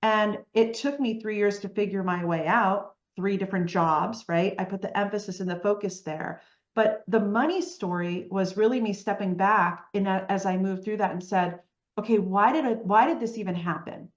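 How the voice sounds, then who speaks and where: A woman guest on an interview podcast, telling her story in a lively way and often asking "right?". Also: mid-range voice, normal speed, roomy sound, highs cut off. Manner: animated storytelling, frequent "right?" tags.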